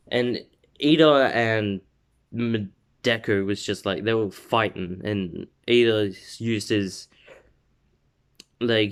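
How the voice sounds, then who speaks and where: A man retells a fan story in a loose, rambling way and leans on filler words. His voice sits low for a man. The delivery is casual and unscripted. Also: smooth.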